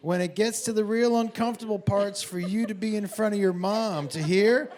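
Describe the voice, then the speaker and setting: A middle-aged man doing stand-up storytelling, profane and animated, who often laughs at his own jokes. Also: high voice, moderate pace. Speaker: stand-up comedian. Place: comedy stage before an audience. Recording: live show with loud crowd noise.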